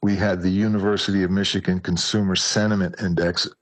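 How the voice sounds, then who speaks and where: A man's voice: deep voice, level tone, a little fast. A man, working as a financial advisor, giving a market report over a remote line and using many fillers.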